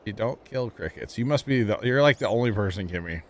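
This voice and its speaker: A man's voice: on the low side, animated, fairly quick, slight background noise. A man chatting casually with his viewers while streaming a game, talkative and self-teasing, laughing often.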